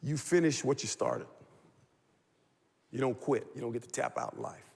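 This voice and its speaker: A man, a football coach, telling a lively story on a talk show and laughing as he goes. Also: mid-range voice, moderate pace, creaky, breathy edge. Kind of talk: animated anecdote on a TV talk show. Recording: long hall reverb.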